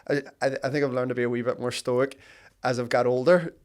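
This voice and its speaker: A man's voice: medium pitch, level tone, fast. A man, a podcast guest who speaks reflectively in a casual chat. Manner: reflective, frequent backchannel agreement. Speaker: podcast guest, business owner.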